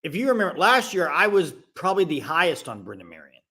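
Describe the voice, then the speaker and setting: A man hosting a casual sports podcast with live call-ins, talking in animated bursts with quick restarts. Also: fairly high pitch, husky.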